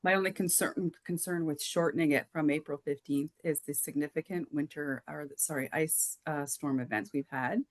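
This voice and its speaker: A woman's voice: low voice, fairly even intonation, moderate pace, hardly any pauses. A woman on town staff answering councillors politely, with many fillers, in a council meeting. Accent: Canadian. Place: council chamber.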